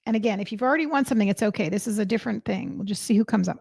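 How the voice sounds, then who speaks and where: A woman hosting a live stream as a psychic reader, chatting casually and excitedly with her viewers. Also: mid-range voice, racing, creaky, hardly any pauses, slightly rough, no echo, clean studio sound.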